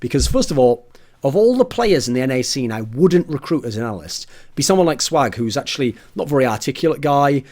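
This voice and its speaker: A man's voice: mid-range voice, very animated, quick pace, darkish tone. A man giving an opinion monologue as an esports commentator, blunt and casual, with swearing and rambling asides.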